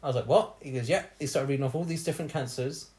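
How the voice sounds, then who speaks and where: A man's voice: mid-range voice, fast, darkish tone. A man, hosting a podcast and telling a long personal story in casual chat, laughing often as he goes. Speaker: podcast host.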